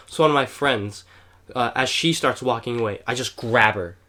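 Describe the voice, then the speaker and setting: A man's voice: medium pitch, a little fast, bright, forceful tone. Young male podcaster, loose rambling storyteller, heavy on fillers and swearing. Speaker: podcast co-host. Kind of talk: casual storytelling. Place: home, playing a video game while recording.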